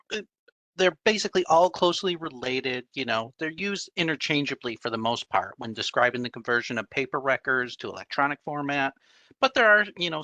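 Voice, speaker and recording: A man answering as an expert panelist in an online webinar, measured and explanatory, speaking into a computer mic on a video call. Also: medium pitch, bright, forceful tone, no room sound. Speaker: panelist, records imaging expert.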